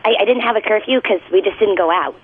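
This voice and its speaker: Deadpan young woman on a lo-fi line. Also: mid-range voice, fast, slightly rough. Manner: playful and deadpan, teasing back. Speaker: radio show guest. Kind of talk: casual radio banter. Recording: dull lo-fi line.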